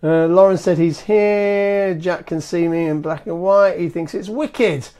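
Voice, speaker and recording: A man's voice: high voice, unhurried, hardly any pauses, darkish tone. A man hosts a casual live stream, talking into his phone. He rambles in an easygoing way, fills gaps with ums, and restarts his sentences often. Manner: rambling and chatty, full of fillers and restarts. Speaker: marketing agency host of a live stream.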